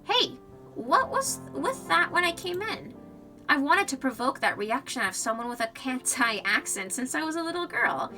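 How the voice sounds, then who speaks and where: A woman's voice: high voice, sing-song, normal speed, sharp tone, exaggerated voice. Rabu, a woman putting on a drawling pigeon regular. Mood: boastful. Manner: swaggering, folksy. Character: boastful male pigeon café regular, country drawl. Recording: distant mic, faint music behind.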